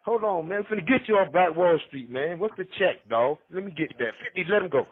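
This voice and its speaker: This man's voice sits very high and comes through husky and breathy. He tells slangy, rambling stories, hopping from one name to the next. The sound is thin and tinny, like a phone call. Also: lively intonation, brisk. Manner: slangy, jumps between names and stories. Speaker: podcast guest. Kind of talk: rambling street storytelling.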